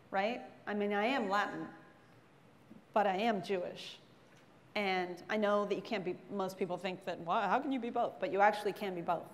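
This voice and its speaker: A middle-aged woman, a chef giving a frank, joking guest lecture to students in a large hall. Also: mid-range voice. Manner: joking, frank, self-mocking asides. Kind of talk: candid motivational talk to students. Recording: long hall reverb.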